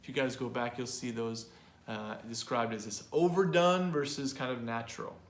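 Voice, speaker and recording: Male teacher running a live pronunciation class, chatty explainer, medium pitch, recorded with room echo. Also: normal speed. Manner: explanatory, repeats and restarts words.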